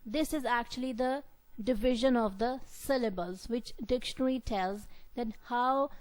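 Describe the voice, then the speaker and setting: A woman lecturer giving a classroom-style lesson, speaking deliberately and repeating key words for her students. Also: a little high, darkish tone, no echo, low-quality recording.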